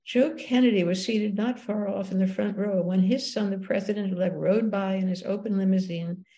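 A woman in her eighties reads from her memoir in a mellow, warm tone. Off the page, she talks reflectively, with halting restarts. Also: mid-range voice, steady tone, low-quality recording. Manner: reflective, halting restarts when speaking freely. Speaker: author and filmmaker. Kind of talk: reading her memoir aloud, then interview answers.

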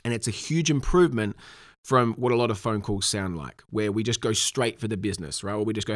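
A man's voice: on the low side, lively intonation, fairly quick, no room sound, clean studio sound. Emphatic man coaching sales calls. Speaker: sales trainer. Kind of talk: instructional talk.

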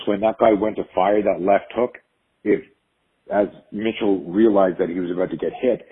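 A middle-aged man, a self-defense instructor and podcast guest, telling stories in an animated way, acting out the quotes and restarting his sentences often. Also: lowish voice, slightly rough, narrow, tinny audio. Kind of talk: conversational storytelling.

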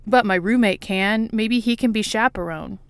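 A woman voicing a shy, socially awkward nerd of a man in a storybook reading. He speaks haltingly and earnestly, a bit louder and slightly raised. The recording is close and dry. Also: mid-range voice, smooth, no room sound, pitched above the performer's own voice, lightly acted. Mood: nervous. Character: nervous awkward nerdy man, shy and needy.

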